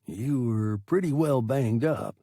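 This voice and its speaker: A man voicing a tough older male spaceship captain who speaks firmly while trying to sound soft. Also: medium pitch, slow, dry recording, clean studio sound.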